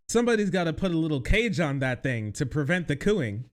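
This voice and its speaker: A young man streaming his reaction to news clips, mocking them loudly and crudely with bursts of laughter. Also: very animated, fairly quick. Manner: loud, mocking and crude, with frequent laughter and sudden high-pitched outbursts. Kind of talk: livestream reaction commentary.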